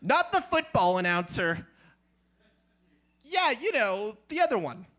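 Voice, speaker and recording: A man doing live stand-up storytelling at a small club, animated and playful. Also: sits high, measured pace. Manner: animated, playful, loud asides. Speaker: storyteller, comedian.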